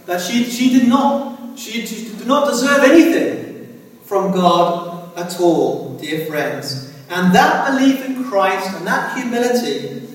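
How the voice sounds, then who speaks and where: A man preaching a sermon, slow and halting, often saying "as it were" and "dear friends". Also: high voice, sing-song. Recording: echoey hall from far off.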